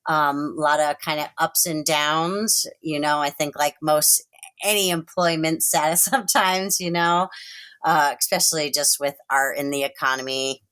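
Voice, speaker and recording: A woman who works at a dog park and gallery, chatting in an interview, full of "you know" and soft laughs. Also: low-pitched, steady tone, moderate pace, smooth. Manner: warm storytelling with frequent "you know" and light laughs. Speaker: staff member at Dog Mountain. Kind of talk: casual interview conversation.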